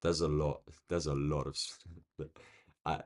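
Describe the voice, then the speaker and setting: A man with a London accent chatting casually on a live stream, rambling along and answering viewers' comments from a quiet room. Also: rumbling low, little pitch movement, a little slow. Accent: London English. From United Kingdom. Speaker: day-trading live streamer.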